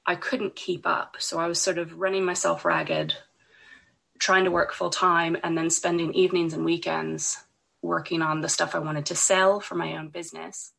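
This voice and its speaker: A woman speaking as a podcast guest, her voice croaky from a cold and rough with fry. She sits a little low in pitch and sounds husky. She talks in a hesitant way, full of ums and restarts. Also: little pitch movement, moderate pace, a bit bright. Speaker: podcast guest, illustrator and designer. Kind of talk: casual interview talk.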